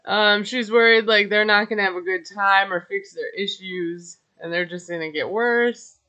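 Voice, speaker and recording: A woman's voice: mid-range voice, normal speed, bright, forceful tone, lo-fi sound. A woman casually recapping a reality show, chatty and gossipy, with lots of filler words and judgmental asides.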